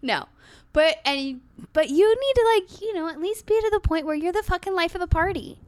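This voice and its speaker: A woman's voice: lively intonation, fairly quick, no room sound. A young woman in her twenties co-hosting a casual chat, playful and profane, often mimicking people. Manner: playful, swears, mimics people in squeaky voices. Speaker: podcast co-host.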